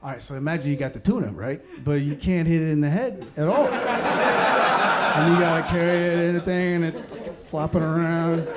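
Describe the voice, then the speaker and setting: A man in his thirties doing stand-up comedy, swinging between mumbled asides and loud outbursts. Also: fairly high pitch, moderate pace, a crowd in the background. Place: comedy stage before a live audience. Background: audience laughter.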